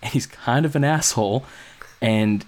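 A man co-hosting a podcast, telling a long story in a rambling, animated way and acting out what people said. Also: medium pitch, moderate pace. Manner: rambling, animated, acts out quotes. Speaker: podcast co-host. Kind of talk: casual storytelling chat.

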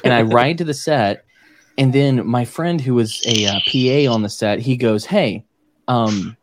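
Animated man telling a story. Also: mid-range voice, moderate pace, noisy background. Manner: animated, acts out quoted voices with swearing. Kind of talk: casual storytelling among friends.

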